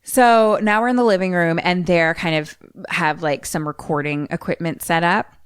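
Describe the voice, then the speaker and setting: A woman co-hosting a podcast, recapping a film in an animated, chatty way full of "like". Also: lowish voice, moderate pace, clear, resonant tone, no echo, studio quality. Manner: chatty, animated retelling with lots of "like". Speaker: podcast co-host. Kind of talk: casual movie recap chat.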